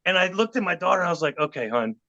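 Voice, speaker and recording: A man's voice: sits high, rapid-fire. A middle-aged man, a podcast guest telling an anecdote and acting out the quotes of other people. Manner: animated, acts out quotes of others. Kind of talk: storytelling anecdote. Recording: dull lo-fi podcast audio.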